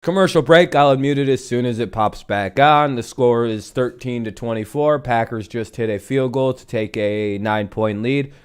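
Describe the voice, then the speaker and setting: Male streamer host, smooth clear voice, loose chatty banter with viewers. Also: medium pitch, moderate pace, few pauses. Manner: chatty, reads viewer names, swears freely. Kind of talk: casual live-stream chat over a game.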